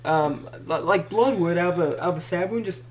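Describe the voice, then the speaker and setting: A man's voice: high voice, brisk, a little hiss or hum. A young man hosting a podcast, telling a story in casual chat, acting out quotes and laughing often. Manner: animated storyteller who acts out quotes and laughs a lot. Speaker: podcast host.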